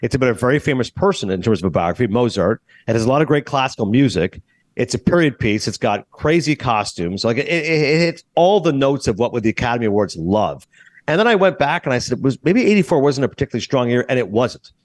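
A man's voice: medium pitch, fast, dry recording. A man hosting a podcast, chatting casually about a movie and acting out characters' lines. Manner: animated, acts out characters' lines. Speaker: podcast host. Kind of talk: casual movie review chat.

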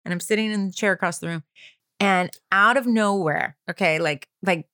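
A woman chatting as a parent guest, telling family stories with lively animation. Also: medium pitch, normal speed, no echo, clean studio sound. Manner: animated storyteller who acts out quotes. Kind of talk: casual chat.

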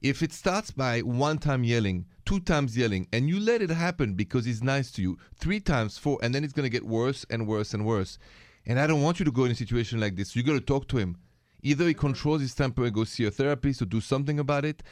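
A man's voice: mid-range voice, lively intonation, fast talker. A man with a French accent co-hosting a relationship advice radio show. He speaks in an earnest, emphatic way. The studio sound is close and dry, with no room echo. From France.

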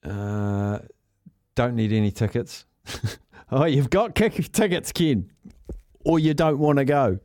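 A man's voice: medium pitch, animated, takes it slowly, a little mellow, no room sound, clean studio sound. A man with a New Zealand accent hosting casual sports talkback radio, laid-back and jokey as he reads out listener entries. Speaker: radio host. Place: radio studio.

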